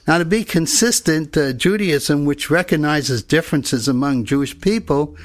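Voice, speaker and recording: A man preaching a sermon in an earnest, measured teaching manner, reading scripture passages aloud. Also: fairly high pitch, no room sound.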